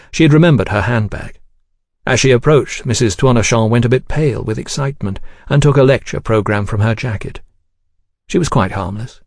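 Brief: male audiobook narrator, mid-pitched, dry close mic. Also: a little mellow, dry recording.

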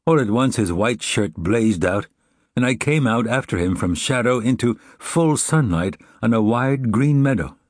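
A man narrating a novel in a measured, reflective reading. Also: medium pitch, expressive, dry recording, clean studio sound. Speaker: audiobook narrator. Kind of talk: scripted narration.

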